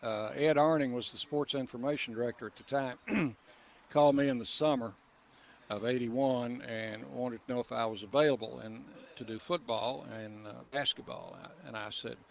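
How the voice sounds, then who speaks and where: A man's voice: medium pitch, moderate pace, vocal fry. An older man, a veteran sports broadcaster, chatting easily as a radio guest on an outdoor patio, telling stories with chuckles and lots of restarts. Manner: easygoing storyteller, frequent uh fillers and restarts, chuckles. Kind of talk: relaxed reminiscing radio interview.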